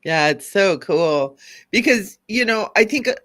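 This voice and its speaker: A woman co-hosting a casual spiritual talk show as a mystic, speaking with enthusiasm, agreeing warmly and often checking for agreement. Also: mid-range voice, animated, measured pace. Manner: enthusiastic and affirming, asks for agreement. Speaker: mystic co-host.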